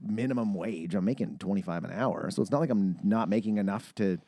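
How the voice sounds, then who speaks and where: A man's voice: lowish voice, fairly quick, mellow. A man, co-hosting a podcast, rambling casually with asides and restarts. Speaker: podcast co-host. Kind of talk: casual chat.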